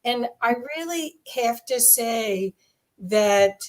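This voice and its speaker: A woman's voice: on the high side, lively intonation, slow. A woman hosting an interview podcast, asking questions with frequent ums and restarts. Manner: hesitant, many fillers. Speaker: podcast host. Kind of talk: casual interview chat.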